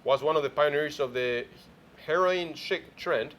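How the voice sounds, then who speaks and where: A man's voice: fairly high pitch, a little slow, a bit bright, slight background noise. A man hosting a morning show in casual chat, playfully quizzing his co-host.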